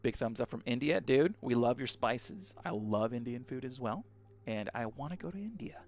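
Gravelly, excitable male streamer. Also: mid-range voice, normal speed. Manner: excitable, chatty, greets viewers from chat. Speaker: streamer hosting a live reaction stream. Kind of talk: casual live-stream chat with viewers. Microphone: broadcast headset.

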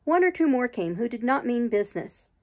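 A woman reading a classic novel aloud in slow, measured storybook narration. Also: fairly high pitch, sing-song, darkish tone. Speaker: audiobook reader.

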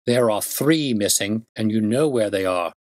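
A man's voice: lowish voice, animated, normal speed, no room sound, clean studio sound, close to an everyday voice. A man voicing a furious banker father. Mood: accusing. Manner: furious shouting accusations. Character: outraged middle-aged male banker father.

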